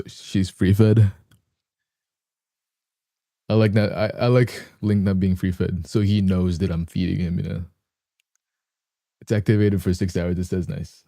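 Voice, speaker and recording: A young man chatting casually with viewers on a live stream, clearing a morning voice from his throat. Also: low voice, mellow, no echo, studio quality. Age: young adult.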